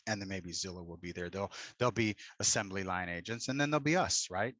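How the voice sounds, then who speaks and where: A man's voice: deep voice, fast, fairly bright tone, no room sound. A middle-aged man coaching real estate agents live over a video call, blunt and profane with pep-talk energy.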